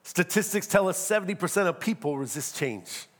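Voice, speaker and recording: High-voiced man preaching a lively sermon. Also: fairly quick. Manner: preaching with humor and acted-out asides. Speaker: pastor.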